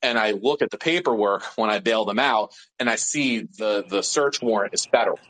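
Low-voiced man telling a story. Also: a little fast, rough recording. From Pittsburgh. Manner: profane, animated storytelling with many fillers. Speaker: interview guest. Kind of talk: casual storytelling.

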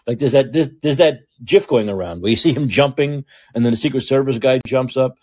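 A man's voice: medium pitch, a little fast, a little mellow, slightly rough, no room sound, clean studio sound. A male host giving blunt, profane political commentary in a ranting way, with frequent restarts.

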